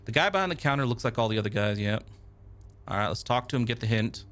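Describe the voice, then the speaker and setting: A man's voice: medium pitch, animated, quick pace, fairly bright tone. A male streamer playing a text game live, reacting casually and reading the narration aloud.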